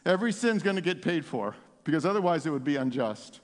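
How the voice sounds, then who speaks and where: A man preaching an Easter sermon in a church, swinging between hushed, intimate passages and loud exclamations. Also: on the high side, sing-song, fast. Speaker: pastor. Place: church sanctuary with congregation. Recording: long reverb of a large hall.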